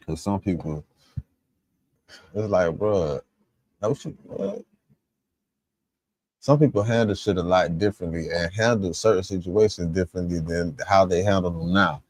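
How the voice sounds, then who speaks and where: A man's voice: normal speed, no room sound. A man talking casually in a reaction stream, full of street slang, acting out what others might say. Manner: animated, acts out quotes with rising pitch, lots of slang. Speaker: commentator.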